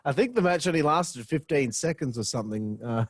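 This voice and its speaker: A man's voice: a little high, lively intonation, brisk, no room sound. A man hosting a podcast, asking interview questions from his notes with hesitant fillers. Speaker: podcast host.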